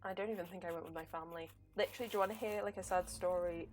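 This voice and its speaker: A woman's voice: on the low side, fairly even intonation, rapid-fire. A young woman, chatting and rambling with a giggle while she streams a game. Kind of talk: casual live game commentary.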